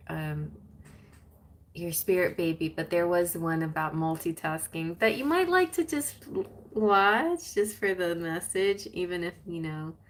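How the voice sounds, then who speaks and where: A woman giving a gentle, soothing live-stream tarot reading. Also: lowish voice. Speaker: tarot reader.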